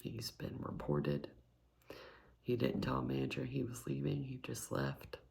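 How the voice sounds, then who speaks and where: Southern girl doing whispered asmr chat, super low gravelly voice, slow and soft. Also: sing-song. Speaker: ASMR channel host.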